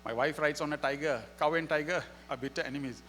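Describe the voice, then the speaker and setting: A man voicing a calm, patient Lord Shiva. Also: a little high, fast, soft background music, natural voice. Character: Lord Shiva, calm divine father figure.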